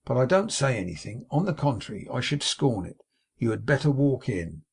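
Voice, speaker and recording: A man with a gravelly, husky voice playing a prim, affected young woman who is jealous and spiteful, in an audiobook reading. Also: mid-range voice, big pitch swings, moderate pace, full character voice. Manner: affected, simpering, sharp, huffy.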